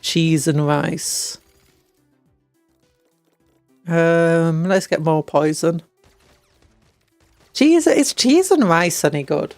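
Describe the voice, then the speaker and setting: Taking her time, a British woman streams a game, calling out upgrades and slipping in playful jokes in relaxed gameplay chat. Her voice is lowish and a little mellow with a gravelly fry, but it swings widely in pitch; it sits close and dry on the mic with no room sound, over soft music.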